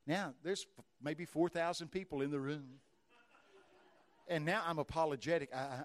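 Male preacher with a slightly high voice, animated storytelling sermon, acts out dialogue and bursts into shouts. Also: moderate pace, long pauses.

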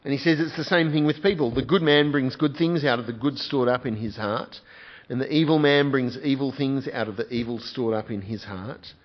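Earnest pastor preaching. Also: male voice, mid-range voice, moderate pace, highs cut off. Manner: earnest, asks the congregation direct questions. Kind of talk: sermon.

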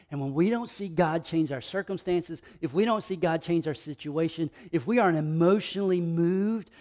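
A man preaching a sermon, moving between quiet, low passages and loud, emphatic bursts of repeated phrases. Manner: fervent, repetitive preaching. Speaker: pastor.

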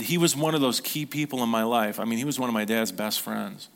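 This middle-aged pastor speaks fast with few pauses, his mid-range voice gravelly, in an informal sermon to his congregation. Talking conversationally, he acts out short quotes and repeatedly restarts his sentences.

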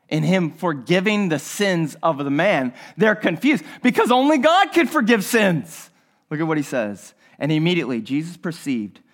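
A man with a notably high voice preaches a sermon. He works through his points by repeating phrases and putting rhetorical questions to his listeners. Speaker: pastor.

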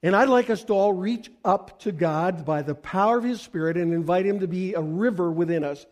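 Man, pastor, sermon, high voice, earnest, emphatic. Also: a little fast. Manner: earnest, builds to loud emphatic peaks.

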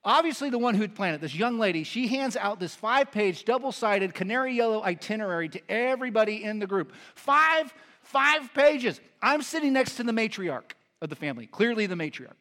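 High-voiced man preaching a sermon. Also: brisk, hardly any pauses. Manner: animated storytelling with lively impressions. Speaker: pastor.

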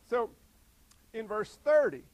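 A man preaching a sermon in an animated way, acting out voices and asking the congregation questions. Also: very high-pitched, takes it slowly, a little hiss or hum, rough recording. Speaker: pastor.

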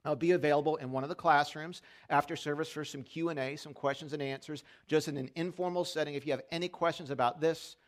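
A man preaching a conversational sermon as pastor, asking the congregation questions and telling stories with humor. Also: fairly high pitch. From Pennsylvania. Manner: storytelling with humor. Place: church sanctuary during a service.

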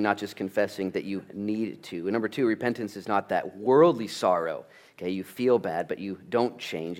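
A middle-aged man delivers a sermon from the pulpit, his voice sitting on the low side. He preaches in a lively, storytelling way and slips into acted-out dialogue from his family life. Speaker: pastor.

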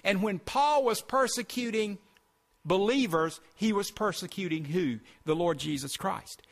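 A male pastor preaches with a notably high-pitched voice. His delivery is earnest and emphatic, and he keeps pressing his listeners with rhetorical questions. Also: measured pace. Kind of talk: sermon.

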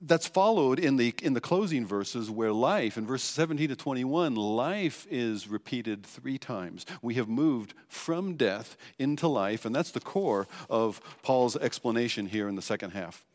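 A man preaching a sermon, earnest and emphatic, dropping to a hush on key points. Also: mid-range voice, animated, a little slow, few pauses, big-room sound. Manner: earnest preaching, swings between emphatic and hushed. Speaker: pastor.

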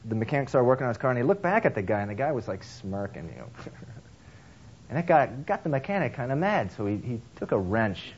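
A male preacher talks his way through a sermon in a relaxed, conversational manner, full of restarts and fillers. He slips into characters' voices with big jumps in pitch. The recording sounds somewhat dull and lo-fi. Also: fairly quick, breathy edge. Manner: acts out characters' lines with lively swings in pitch. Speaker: pastor. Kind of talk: sermon with a told story.

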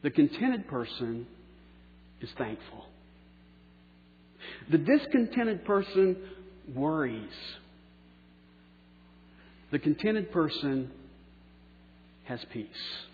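A pastor preaching a sermon, slowing down for key phrases and letting line endings trail off softly. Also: male voice, fairly high pitch, big pitch swings. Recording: echoey hall on a tinny phone-like line.

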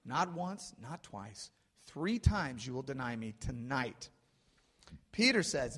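A man preaching a sermon, conversational with fillers, slowing and swelling dramatically when quoting scripture. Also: medium pitch, very animated, fairly bright tone, slightly rough. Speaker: pastor. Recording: long reverb of a hall.

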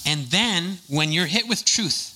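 A man's voice: a little high, expressive, slow, bright, forceful tone, slight background noise, rough recording. A man preaching a casual, conversational sermon, full of jokey asides and fillers.

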